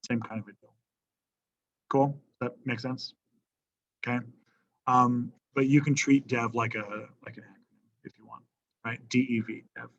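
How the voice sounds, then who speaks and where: A man's voice: medium pitch, fairly even intonation, normal speed, pauses often, lo-fi sound. A man teaching a history lesson to students in a casual classroom manner, often checking in with the class. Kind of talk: classroom lecture.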